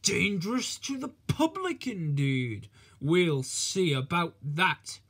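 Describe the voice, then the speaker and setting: A man voicing a brisk, determined railway boss who speaks indignantly. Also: on the high side, a bit bright.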